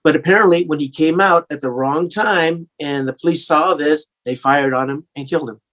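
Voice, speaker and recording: A man's voice: a little high, moderate pace, fairly bright tone. Guy with a bit of an english-sounding accent, rambling through old stories, lots of um and you know. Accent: slight English-tinged American. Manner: rambling, many fillers and restarts. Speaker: guest singer-songwriter. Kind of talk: casual storytelling interview.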